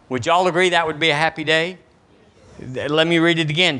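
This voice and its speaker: A pastor, preaching emphatically and reading scripture with lively asides. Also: male voice, fairly high pitch, normal speed. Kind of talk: sermon.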